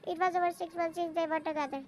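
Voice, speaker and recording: A woman's voice: very high voice, little pitch movement, darkish tone, slight background noise, rough recording. A woman reading a romance story aloud, stumbling and correcting herself as she goes. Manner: halting reading with restarts and self-corrections. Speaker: fan fiction reader.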